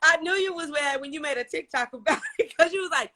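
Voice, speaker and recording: A woman hosting a casual online interview over a video call, animated and chatty, laughing often. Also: high-pitched, quick pace. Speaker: host.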